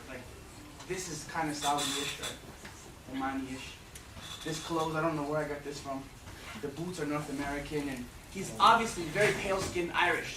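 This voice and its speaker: A man from Newfoundland, Canada, giving an energetic, joking talk to an audience in a university hall. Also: fairly high pitch. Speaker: guest speaker. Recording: echoey hall, far from mic, noisy.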